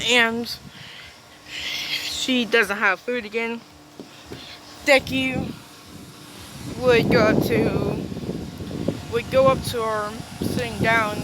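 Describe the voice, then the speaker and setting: A woman's voice: on the high side, background noise. A woman improvising a fan-fiction story aloud, rambling and tacking "and all that" onto her sentences. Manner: rambling, keeps adding "and all that".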